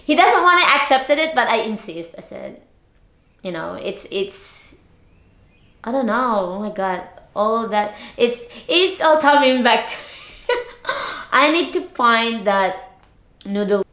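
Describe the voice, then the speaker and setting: A woman's voice: a little high, animated, slow, fairly bright tone. A woman from the Philippines, chatting casually to camera as a vlogger, giggly and prone to trailing off and restarting. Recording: roomy echo.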